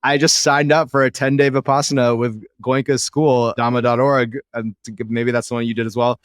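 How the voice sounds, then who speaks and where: A man's voice: medium pitch, little pitch movement, brisk, smooth, no echo, clean studio sound. A man in his thirties hosting a podcast, chatting casually and eagerly with his guest. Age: 30s. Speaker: podcast host. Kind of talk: casual conversational interview.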